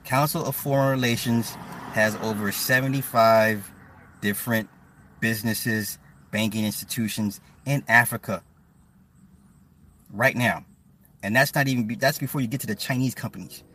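A man's voice: fairly low pitch, steady tone, moderate pace, pauses often, bright, forceful tone, distant mic. A man ranting bluntly and profanely on a casual livestream from his car, often repeating words as he talks to his viewers. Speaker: livestream host.

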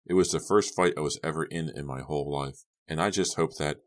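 A man reads an earnest, awkward teenage boy who answers a little louder than the narration around him. The voice stays extremely deep, with a dry edge of sarcasm. It is a storybook figure. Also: brisk.

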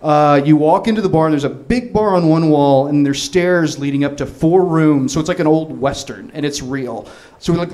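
A man in his thirties tells a comic story from his own life in a slightly higher voice. He rambles and trips over his words with constant fillers and restarts, and he gets more animated as the story builds. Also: fairly quick.

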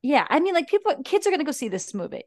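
A woman's voice: sits high, sing-song, rapid-fire, a little mellow. A young woman co-hosting a podcast in casual chat, fillng her talk with "like" as she explains and defends her view. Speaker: podcast co-host.

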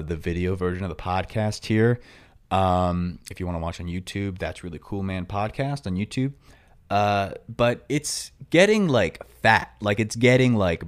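A young man in his twenties with a New York accent, hosting a podcast in rambling, filler-heavy casual chat that breaks into loud excited outbursts. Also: low voice, a little slow, clear, resonant tone. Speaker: podcast host.

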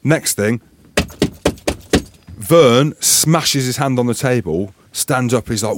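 A man in his thirties, a former rugby player co-hosting a podcast, telling stories in a casual, animated, swearing style and acting out voices. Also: mid-range voice, slow pace, pauses often, background noise. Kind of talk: casual storytelling chat.

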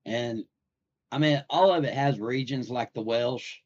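A man's voice: mid-range voice, measured pace. A man hosting a podcast, telling stories in a loose, rambling way with lots of fillers. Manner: rambling, filler-heavy storytelling. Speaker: podcast host. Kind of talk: casual podcast chat. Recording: slightly dull lo-fi audio.

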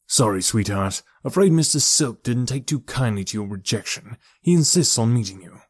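A man voicing a grinning, menacing male thug in an audiobook, speaking in a slow, mocking drawl. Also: medium pitch, lively intonation, slightly rough, dry recording, clean studio sound. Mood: smug.

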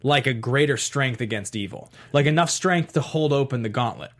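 A man chatting casually on a podcast, rambling and eager, his words tumbling out with plenty of fillers. His pitch sits in an ordinary middle register, neither deep nor high. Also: normal speed. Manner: enthusiastic, rambling with fillers and laughs. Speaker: podcast co-host. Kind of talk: casual chat.

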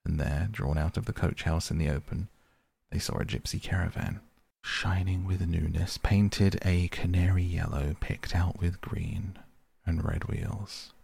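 Deep, gravelly man reading softly at bedtime. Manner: soft, slow, calm reading. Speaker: podcast host and reader. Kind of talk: soft bedtime audiobook reading.

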